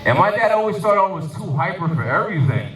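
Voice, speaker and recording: A man doing stand-up comedy, telling animated, swearing stories and laughing at his own jokes. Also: high-pitched, fast, a little hiss or hum. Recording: roomy live venue, mic from a distance.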